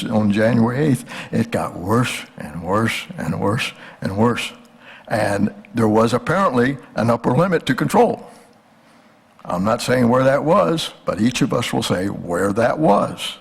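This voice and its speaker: A man's voice: mid-range voice, creaky, slightly rough. An older man giving a conversational history lecture, asking the audience rhetorical questions.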